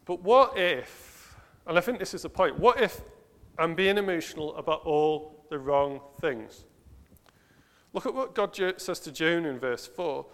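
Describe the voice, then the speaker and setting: This preacher's voice runs on the high side with lively intonation and a fairly bright tone, and his pace is a little slow. Earnest and self-questioning, he asks his congregation rhetorical questions, heard through long hall reverb.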